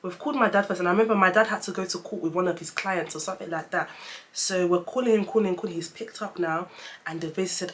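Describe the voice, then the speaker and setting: Young woman, casual story-time vlogger, animated, talks straight to the audience. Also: fairly low pitch, racing, slight background noise. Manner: chatty, animated storytelling, addresses viewers as guys.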